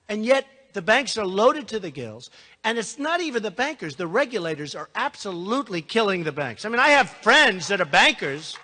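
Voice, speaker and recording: An older man delivering a campaign speech in a big reverberant hall, his pitch high and swinging widely as he boasts and repeats himself. His tone is bright and forceful, with quick conversational asides to the crowd. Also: very animated. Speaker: political candidate. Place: large hall before a live audience.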